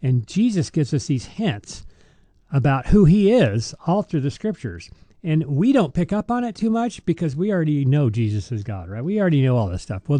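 A deacon with a warm, mid-range voice chats casually about scripture and parish life on a faith podcast, recorded dry. He tells stories, laughs often, and restarts his sentences.

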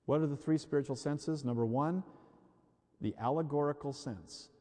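A man's voice: fairly high pitch, normal speed, warm tone. Man preaching in a reverberant hall. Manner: conversational, acts out quoted voices. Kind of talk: sermon.

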